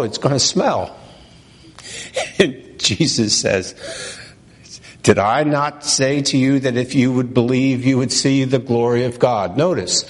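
A man preaching a sermon as pastor, slow and emphatic, asking and answering his own questions. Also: medium pitch. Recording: long reverb of a large hall.

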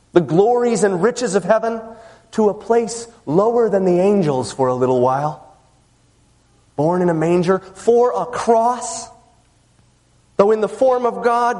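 A man with a high, light voice preaches a sermon, earnest and deliberate, leaning on his pauses. His words ring out with a long reverb, as if spoken in a large hall. He addresses the listeners as friends. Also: a little mellow.

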